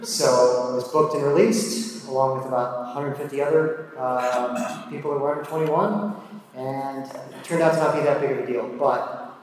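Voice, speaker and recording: A man in his thirties or older tells his own story in a relaxed, self-deprecating way, full of fillers and asides. His voice sits at an ordinary middle pitch. He is picked up from far off in a large, very echoey hall with a faint hum of ambience. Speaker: speaker sharing his drinking story. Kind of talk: personal storytelling talk.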